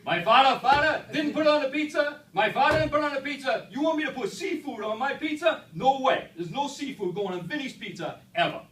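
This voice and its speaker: A man voicing a hot-tempered middle-aged pizzeria owner with a New York accent, loud and stubborn, repeating himself. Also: mid-range voice, sing-song, brisk. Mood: shouting. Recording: echoey room, far mic, background noise.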